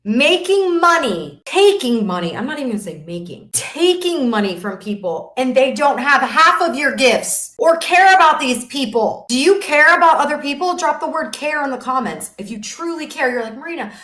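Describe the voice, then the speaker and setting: A middle-aged woman giving a live motivational business talk, fervent and preachy, swinging between loud declarations and soft asides. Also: sits high, big pitch swings, moderate pace, few pauses, reverberant. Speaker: business coach.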